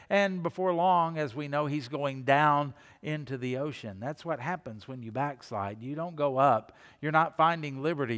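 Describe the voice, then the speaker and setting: A pastor delivers a sermon in a fairly high-pitched male voice, repeating key phrases. He often lets his voice fall low and quiet to drive a point home. The sound rings with the long reverb of a large church hall. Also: smooth. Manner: expressive preaching, repeats phrases, drops voice low and soft for emphasis.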